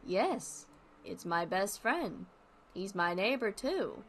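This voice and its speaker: A woman voicing a deadpan, sweet male puppet-like neighbor who talks quietly and flatly. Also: mid-range voice, slow pace, a little hiss or hum, full character voice.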